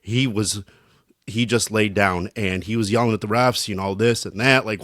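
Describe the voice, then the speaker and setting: A man's voice: on the low side, moderate pace, no echo, studio quality. Laid-back man telling a rowdy story. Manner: animated, acts out quotes, swears freely. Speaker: podcast co-host. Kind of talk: casual storytelling chat.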